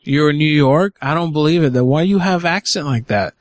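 A man hosting a live prank call show, brash and mocking, with loud outbursts and swearing. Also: on the high side, a little fast, dry recording.

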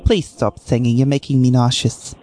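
A woman's voice: very deep voice, steady tone, normal speed, mellow. A woman streamer chatting to her viewers and making prank calls, crude and joking, swearing freely. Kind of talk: casual live-stream chat with prank calls. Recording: voice over guitar music.

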